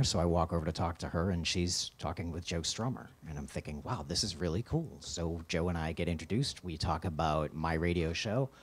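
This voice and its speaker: A low-voiced male radio DJ tells a personal story live on stage. He's casual and rambling, leaning on fillers.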